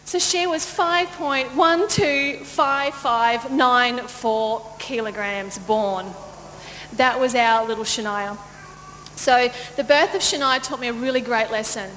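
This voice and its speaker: A woman pastor telling a lively personal story in a sermon, laughing often and acting out the voices of the people in it. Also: fairly high pitch. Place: church auditorium. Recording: long church-hall reverb, faint noise.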